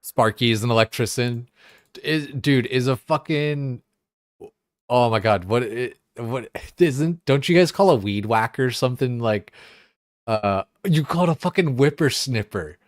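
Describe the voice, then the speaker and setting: A man's voice: medium pitch, measured pace, no echo, clean studio sound. A young adult man streaming a game, chatting casually and rambling with lots of swearing and filler words. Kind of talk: casual chat while gaming.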